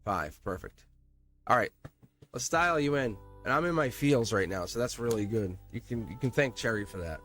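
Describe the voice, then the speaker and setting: Faint music sits behind this man as he runs a live-streamed tarot reading. His medium-pitched voice is expressive and fairly bright, moving at a moderate pace, and he talks with earnest emphasis, often saying things twice for effect.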